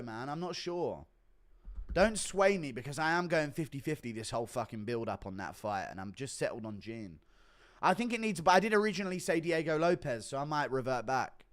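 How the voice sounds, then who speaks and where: A man's voice: fairly high pitch, fairly bright tone. A young man hosting a live stream, reading donations and joking crudely between laughs. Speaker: streamer host.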